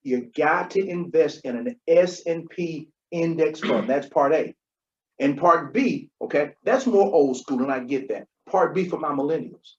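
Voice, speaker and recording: A man's voice: a little high, unhurried. A man co-hosting a podcast, giving emphatic financial advice in a conversational way and often checking in with "Okay?". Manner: emphatic, repeats key points, asks "Okay?". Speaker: podcast co-host. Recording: dull lo-fi recording.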